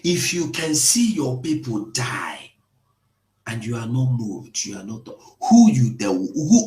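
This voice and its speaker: A man's voice: medium pitch, very animated, slow pace, mellow, reverberant, low-quality recording. A man, giving an impassioned, rhetorical live broadcast. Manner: emotional, rhetorical, mocking laughs at times. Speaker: online broadcaster.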